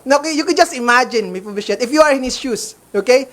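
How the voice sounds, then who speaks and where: A woman's voice: high-pitched, animated, fast, fairly bright tone. A woman preaching a sermon, often calling her listeners brethren and checking in with them. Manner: calls listeners brethren, keeps checking in with okay.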